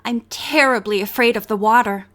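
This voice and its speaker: A woman's voice: fairly high pitch, moderate pace, a bit bright, close to an everyday voice. Brief: teen girl contestant, syrupy politeness, voiced by a woman narrator. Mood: pleading. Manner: sweetly polite. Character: polite, pushy blonde teen model contestant.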